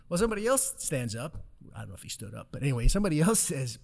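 A man with a middle-pitched voice teaches from scripture in a relaxed conversation. He is earnest and explanatory and tells stories to make his point. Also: quick pace, creaky, hardly any pauses. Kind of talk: casual discussion.

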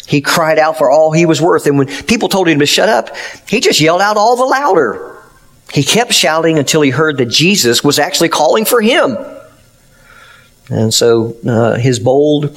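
Man pastor, sermon, earnest emphatic storyteller, slightly high voice.

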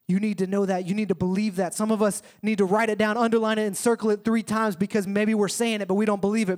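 A young man preaching a sermon in a conversational, animated storytelling way, acting out quotes as he goes. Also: sits high, a little fast. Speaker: pastor.

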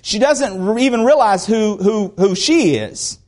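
Animated high-pitched male preacher. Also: a little slow. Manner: animated, conversational, repeats phrases for emphasis. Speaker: pastor. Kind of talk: sermon. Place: church service.

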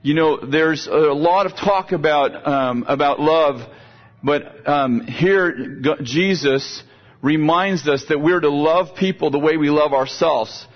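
An older man preaches a sermon with storytelling, talking conversationally and often repeating words to build his point. His voice is fairly high and he takes it slowly, on a dull, lo-fi recording.

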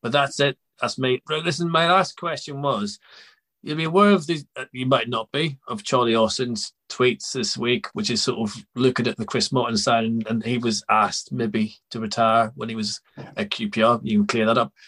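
A man's voice: mid-range voice, steady tone, moderate pace, fairly bright tone. A Northern Irish man hosting a podcast, asking questions in a jokey, chatty way. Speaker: podcast host. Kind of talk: podcast interview.

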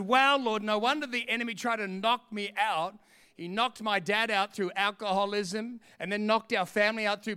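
A man's voice: sits high, pushed and bright, clear, resonant tone. A middle-aged Australian man preaching a sermon as pastor, emphatic and fervent.

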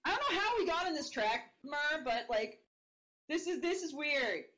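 A woman co-hosting a casual online chat, teasing in a deadpan way and stammering through restarts. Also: high-pitched, normal speed, muffled recording.

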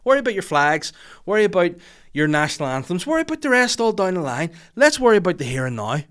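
A man's voice: high-pitched, sing-song, quick pace, clean tone. Sweary Northern Irish man ranting. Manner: sweary, exasperated, shouty outbursts. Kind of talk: comedic rant.

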